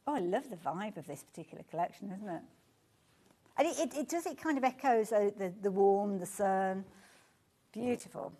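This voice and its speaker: A woman hosts a live shopping show, talking warmly about the products and gushing enthusiastically over viewer comments. Her voice is medium-pitched and animated, at a moderate pace.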